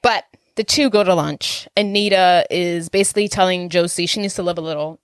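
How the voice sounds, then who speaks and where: A woman's voice: fairly low pitch, moderate pace, clear, resonant tone, dry recording, clean studio sound. A young woman in her twenties co-hosting a casual podcast, recapping with wry asides. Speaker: podcast co-host. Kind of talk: casual chat.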